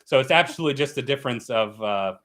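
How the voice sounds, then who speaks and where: A man's voice: mid-range voice, animated, fast talker, fairly bright tone. Talkative American man hosting a livestream. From United States. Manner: chatty, explains at length with many fillers and restarts. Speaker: livestream host. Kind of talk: casual livestream chat.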